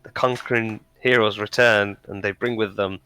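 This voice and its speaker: Bright-voiced male tabletop player. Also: lowish voice, fairly even intonation, moderate pace, clear, resonant tone, faint music behind. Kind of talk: casual tabletop game chat.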